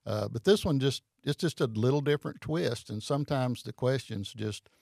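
A man explaining a Bible study method in casual chat, halting and hesitant with many fillers. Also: mid-range voice, vocal fry, a little mellow, no room sound, studio quality.

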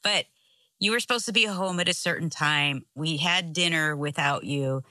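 Low-voiced, animated storytelling woman. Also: normal speed, dry recording. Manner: animated storyteller, laughs often. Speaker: podcast co-host, pastor's wife. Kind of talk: casual chat, storytelling.

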